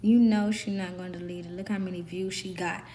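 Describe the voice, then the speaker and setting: A young woman from the American South with a Southern accent, hoarse from screaming, ranting sassily and emphatically to camera. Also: on the low side, fairly even intonation, a little fast, dark tone, a little hiss or hum. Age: young adult. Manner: sassy, emphatic, repeats herself. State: hoarse, voice worn out. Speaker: vlogger.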